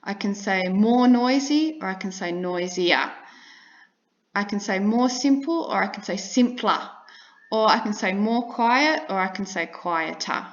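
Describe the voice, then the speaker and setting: A woman teaching an English grammar lesson, explaining slowly and repeating each example. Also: mid-range voice, lively intonation, dull audio. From Australia.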